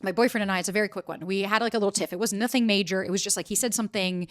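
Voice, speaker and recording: A woman in her thirties, a dating coach answering podcast questions, animated and acting out quoted dialogue. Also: medium pitch, racing.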